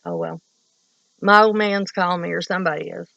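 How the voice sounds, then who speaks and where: Woman, from Kentucky, blunt profane storyteller, bright tone. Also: on the low side, huge pitch swings, fairly quick, gravelly, dry recording, lo-fi sound. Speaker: vlogger. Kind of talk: casual storytelling.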